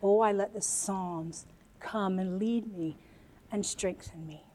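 A woman's voice: mid-range voice, slow pace, warm tone, slight background noise. An American woman preaching a sermon to a congregation, earnest and emotional, with chatty asides. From United States.

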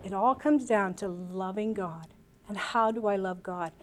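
A woman's voice: mid-range voice, unhurried. An American woman preaching a sermon to a congregation, earnest and emotional, with chatty asides. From United States.

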